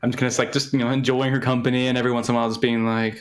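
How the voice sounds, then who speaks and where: A man's voice: medium pitch, racing, few pauses. A man chatting casually and giggling as a player in a tabletop game. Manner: giggly, animated. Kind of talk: casual chat.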